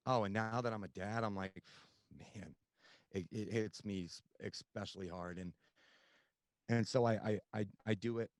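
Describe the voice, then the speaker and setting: A man's voice: lowish voice, fairly even intonation, moderate pace, no echo. A man telling his recovery story as a podcast guest, candid and conversational with frequent fillers.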